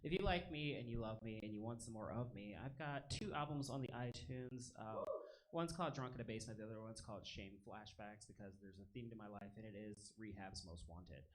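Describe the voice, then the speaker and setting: A man performs stand-up in a club, doing crowd work and telling stories conversationally in a lowish voice at a fairly quick pace. The live club recording is noisy, with audience laughter in the background.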